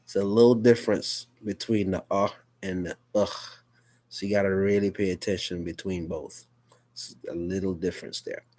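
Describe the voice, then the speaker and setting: A man's voice: sits low, fairly even intonation, normal speed, darkish tone. A man teaching a casual live phonics lesson, patient and repetitive, often checking in with "okay?".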